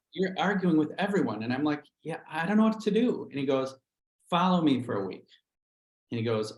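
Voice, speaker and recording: A middle-aged real estate agent talks candidly about how he built his business. His voice sits at an ordinary pitch, and he slips into quick acted-out quotes. The sound carries an echoey room around him. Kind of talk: livestream interview storytelling.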